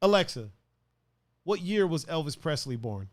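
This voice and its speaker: A man hosting a podcast in casual chat, animated and profane, reading listener comments aloud. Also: a little high, moderate pace. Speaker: podcast host.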